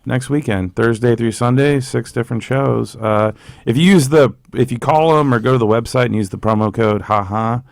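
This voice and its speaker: A man, a comedian guest, talking in a dry, laid-back way with a gravelly voice. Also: medium pitch, moderate pace, dry recording. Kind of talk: casual chat.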